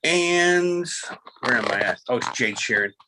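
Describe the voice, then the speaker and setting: A man with a mid-range voice hosts a casual video call chat, speaking in an animated way at a measured pace against a noisy background. He rambles through stories, restarting often and poking fun at himself.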